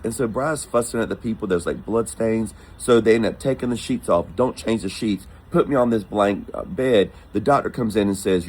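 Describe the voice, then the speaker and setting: He has a husky, lowish voice at normal speed with few pauses, and he animatedly acts out the voices of the people in his casual personal travel story. Audio quality is poor.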